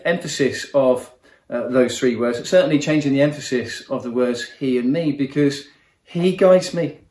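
A man gives an earnest sermon in a warm, personal manner. His voice sits at a middle pitch, and the recording carries a noticeable room echo around him. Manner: earnest, personal, repeats words while speaking. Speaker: guest preacher.

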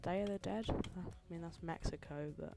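A woman's voice: fairly low pitch, moderate pace, gravelly, over loud music. A young woman streaming a game, reacting with exasperation and chatting with her viewers. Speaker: streamer playing level requests. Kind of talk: casual live-stream commentary.

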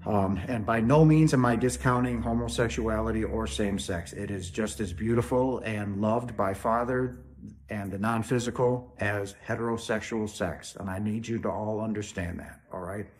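A man's voice: lowish voice, normal speed. A man talks straight to his viewers about spirituality in a loose, preachy manner. He stresses his points hard and keeps tagging sentences with "right?". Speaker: spiritual video host. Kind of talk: informal spiritual talk to camera.

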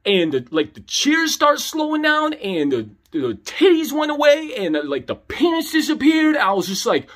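A man's voice: extremely high pitch, big pitch swings, normal speed, hardly any pauses, a bit bright. A young man telling a comedic story in a laid-back, slangy way, calling the listener homie and dog.

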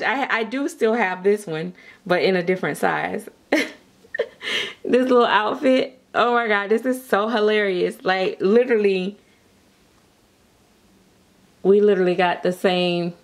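A woman chatting excitedly and nervously through an unboxing vlog, with frequent giggles and gasps. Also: medium pitch, a little slow, pauses often. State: nervous and jittery. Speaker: vlogger.

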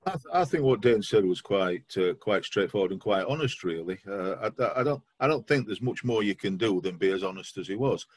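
A man chats through his club's week on a fan podcast. His voice is husky and sits in a dry, close space. He keeps a dry, self-mocking humour running. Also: lowish voice, expressive, fairly quick, hardly any pauses, no echo. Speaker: podcast co-host. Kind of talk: casual football podcast chat.

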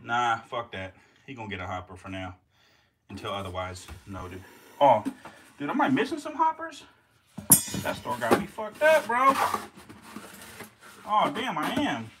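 A man's voice: mid-range voice, sing-song, a little slow, long pauses, pushed and bright, a little hiss or hum. A man casually talking to the camera while feeding snakes, cursing, joking and laughing at himself. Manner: profane, joking, laughs at his own jokes; talks to the snakes and mice as he works. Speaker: snake keeper vlogger. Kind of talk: casual vlog talk to camera. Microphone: handheld camera, set down at times.

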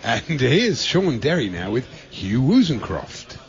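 A man co-hosting a sports radio show, chuckling and adding quick quips. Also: medium pitch, sing-song. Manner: laughs along, quick quips. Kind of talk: casual radio banter. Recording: lo-fi radio broadcast.

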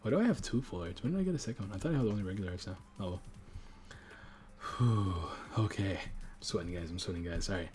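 A man's voice: lowish voice, big pitch swings, fast, mellow, soft background music. A young man hosting a livestream, chatting casually with viewers and hyping them up with repeated chants and slang while opening card packs. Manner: hype-building, slangy, repeats chants, talks to chat. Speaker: livestream host.

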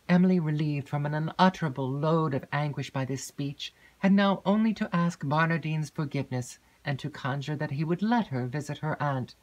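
A woman narrating a classic gothic novel in a measured, even audiobook reading. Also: sits low. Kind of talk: scripted narration.

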